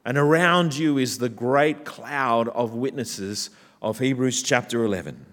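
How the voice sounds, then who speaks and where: A man preaching a sermon in a church, building from quiet, reflective passages to loud, rousing calls. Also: mid-range voice, lively intonation, unhurried. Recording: church hall with long reverb.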